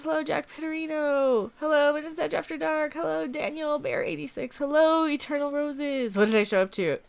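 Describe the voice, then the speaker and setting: Giggly high-voiced woman streamer. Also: gravelly. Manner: giggly, chatty, swears freely. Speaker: livestream host. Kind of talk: casual live-stream chat, reading out viewer donations. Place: room at home with a window open.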